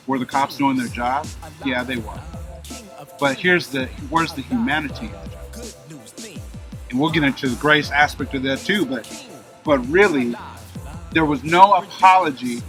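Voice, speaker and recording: Animated man with a bright voice. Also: on the high side, normal speed, pauses often, soft background music. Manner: animated retelling, acting out shouted dialogue. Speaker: guest telling his story. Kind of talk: casual conversational storytelling.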